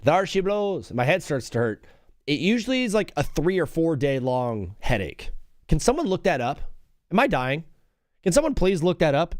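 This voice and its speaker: A man's voice: a little high, very animated, normal speed, no echo, studio quality. A young man in his twenties hosting a live sports stream, chatting casually and rambling between game updates, stories and viewer replies.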